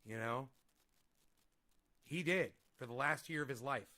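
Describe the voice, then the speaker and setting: A man's voice: mid-range voice, a little slow, sharp tone. A man chatting casually on a home stream, rambling and swearing, growing heated when he rants. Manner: rambling, profane, heated ranting. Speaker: vlogger. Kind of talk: casual live-stream chat. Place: home room with a desk. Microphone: desk microphone.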